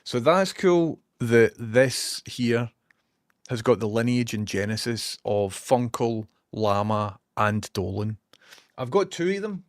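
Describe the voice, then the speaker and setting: A man's voice: medium pitch, expressive, takes it slowly, no echo, clean studio sound. A Scottish man streaming from a small basement room, rambling casually, swearing now and then and reading out viewer messages. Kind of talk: casual live-stream chat.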